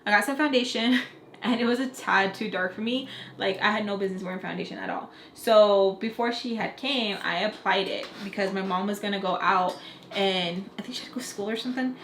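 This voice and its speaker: A young woman spills a personal story at a rapid clip, chatty and animated. Her voice rings around a roomy indoor space. A faint hiss sits underneath. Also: mid-range voice. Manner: animated, chatty, frequent "like" fillers. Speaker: vlogger telling a personal story. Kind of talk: casual storytime narration. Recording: roomy echo with faint background noise.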